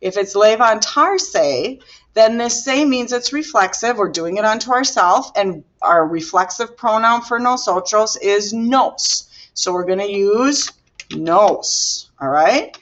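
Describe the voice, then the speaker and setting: A woman's voice: medium pitch, lively intonation, slow, a bit bright, muffled recording. A woman teaching a recorded grammar lesson, patiently explaining step by step while she writes on the board. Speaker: Spanish teacher.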